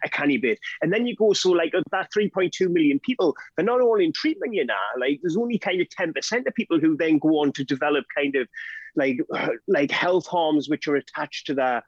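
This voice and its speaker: Fired-up Geordie bloke ranting on a podcast, bit higher voice, muffled dry recording. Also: male voice, breathy edge, no room sound. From Northeast England. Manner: animated, sweary, rapid rants peppered with "right?" and "do you know what I mean". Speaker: podcast guest, drug harm-reduction trainer. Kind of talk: passionate podcast conversation. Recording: dull, dry podcast audio.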